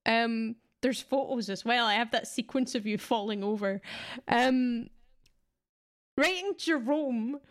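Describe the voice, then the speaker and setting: A woman's voice: a little high, slow. A young Scottish woman co-hosting a podcast, telling stories in chatty, casual talk and laughing a lot. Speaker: podcast co-host. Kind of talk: casual storytelling chat.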